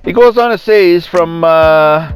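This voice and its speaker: A man's voice: on the high side, unhurried, faint music behind. A man hosting a podcast. He tells a story in a casual, sarcastic, mocking way and laughs at his own jokes. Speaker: podcast host.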